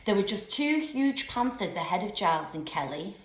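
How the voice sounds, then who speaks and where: A woman teacher reading a children's novel aloud with expressive storytelling. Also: mid-range voice, normal speed. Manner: expressive storytelling with lively voices. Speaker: primary school teacher. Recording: roomy echoey room.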